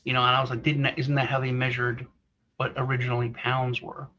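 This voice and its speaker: Quick and sharp in tone yet level, this medium-pitched co-host rambles through a story in casual conversation. He performs the quoted lines of other people, and the recording is slightly dull and lo-fi.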